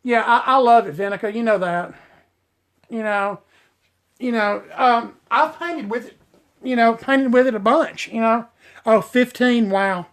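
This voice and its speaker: A man's voice: measured pace, fairly bright tone. A middle-aged man who works as a hairstylist, chatting casually and folksily with viewers on a live stream and calling them y'all. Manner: breaks off to coax his dog in a high sing-song. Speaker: hairstylist hosting a live show.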